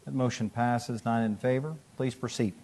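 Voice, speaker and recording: A man chairs a city council meeting and runs a vote with brisk, matter-of-fact procedure. His voice sits in a middle pitch. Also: fairly even intonation, a little mellow.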